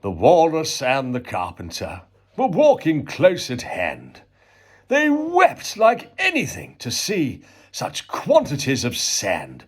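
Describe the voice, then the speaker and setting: A man reading a storybook poem aloud, slow and expressive with dramatic pauses. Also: fairly low pitch, breathy edge. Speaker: reader.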